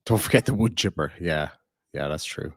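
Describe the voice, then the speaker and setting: A man's voice: rumbling low, lively intonation, moderate pace, no echo, clean studio sound. An Irish man hosting a casual livestream, swearing bluntly as he reads and answers chat comments. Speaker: livestream host.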